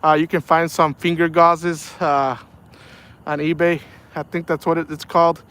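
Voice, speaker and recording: A man's voice: a little high, flat delivery, normal speed, fairly bright tone, clean tone. A man chatting casually on a fishing livestream from outdoors by the water, rambling in a laid-back way and often saying "man". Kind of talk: casual live chat while fishing.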